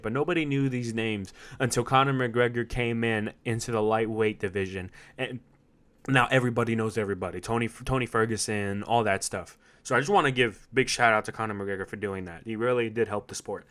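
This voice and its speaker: A man hosting a solo podcast, talking in an animated, swearing, laugh-filled way that swings between loud outbursts and low asides. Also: brisk. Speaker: podcast host.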